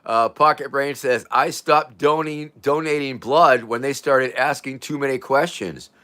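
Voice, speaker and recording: An older man hosting a casual livestream, rambling and chuckling as he reads out viewer comments, his voice drifting from loud to quiet. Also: mid-range voice, measured pace. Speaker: livestream host.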